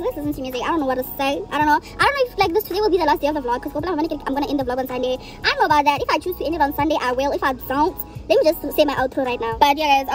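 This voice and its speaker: A young woman, rambling casually to her viewers in a vlog and calling them "guys" all the time. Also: high voice. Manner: chatty, rambling, keeps saying "guys". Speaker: vlogger.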